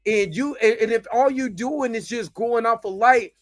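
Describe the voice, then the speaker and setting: Animated man recapping in casual slang. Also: normal speed, dry recording. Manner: rambling, conversational, repeats "you know what I mean"; animated, rises in pitch when worked up. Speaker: host reviewing a TV episode.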